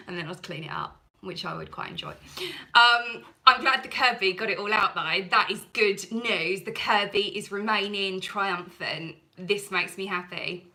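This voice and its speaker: A woman's voice: medium pitch, measured pace, pushed and bright, poor audio. A woman hosting a cleaning channel, chatting through a live stream with viewers in a rambling, self-deprecating way.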